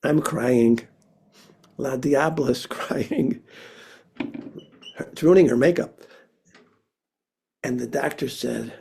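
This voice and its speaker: A man from Minnesota telling a personal story to an audience, expressive, with sudden drops to a hush. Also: medium pitch, slow pace, gravelly, pauses often, slight background noise. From Minnesota, USA.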